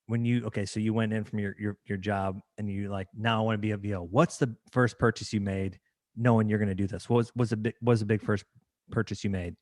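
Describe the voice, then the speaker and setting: A man's voice: lowish voice, steady tone, a little fast, a little mellow, dry recording, clean studio sound. A man hosting a podcast interview, enthusiastic and prone to stumbling over and repeating words. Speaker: podcast host.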